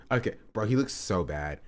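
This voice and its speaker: A man with a low voice chats casually through a live stream, rambling between topics and thanking his subscribers. His delivery is loose and conversational, addressed straight to his viewers. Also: expressive, a little slow.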